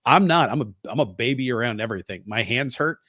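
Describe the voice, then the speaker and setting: A man's voice: medium pitch, quick pace, no room sound. Chatty man, bone-dry sound. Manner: chatty, self-deprecating, animated storytelling. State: getting over a cold. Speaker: podcast co-host. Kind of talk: casual chat.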